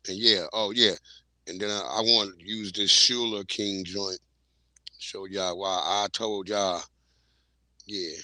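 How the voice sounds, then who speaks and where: A man's voice: on the low side, fairly even intonation, slow, pauses often, sharp tone, dry recording, poor audio. A man hosting a livestream, chatting casually in blunt slang while he plays clips. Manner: slangy, blunt, laid-back. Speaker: livestream host. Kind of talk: casual commentary.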